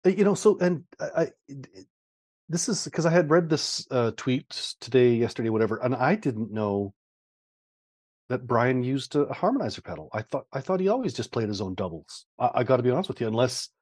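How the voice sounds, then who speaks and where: A man co-hosts a casual podcast. He stumbles and restarts often and laughs easily, with an ordinary mid-range pitch. His voice sits dry and close on the mic. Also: big pitch swings, a little mellow, breathy edge, no echo. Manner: halting, many restarts, reads out listener comments, laughs easily. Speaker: podcast co-host. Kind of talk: casual chat.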